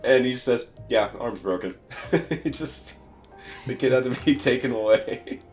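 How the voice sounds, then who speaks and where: A man's voice: mid-range voice, normal speed, darkish tone, faint music behind. A young American man co-hosting a podcast, rambling through casual stories with lots of fillers and laughter. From United States. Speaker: podcast co-host.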